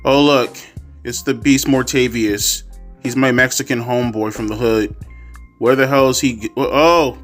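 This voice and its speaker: A man giving a profane, sarcastic live-reaction rant about a wrestling show, swinging from loud outbursts to low mutters.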